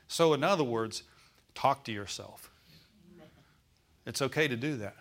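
A man's voice: a little high, measured pace, long pauses, a bit bright. An older man preaching a sermon in a folksy, rambling way, climbing to emphatic declarations when he quotes scripture.

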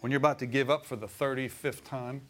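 A middle-aged man preaching a sermon in church, folksy and animated, chuckling often and calling out for amens. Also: medium pitch, fast talker.

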